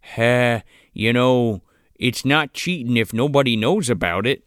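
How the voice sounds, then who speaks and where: Brief: sleazy grown man, low hesitant mumbling drawl, a podcast host's put-on. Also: measured pace, fairly bright tone, no echo, clean studio sound, lightly acted. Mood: sleazy mumble. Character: sleazy grown man making clumsy advances.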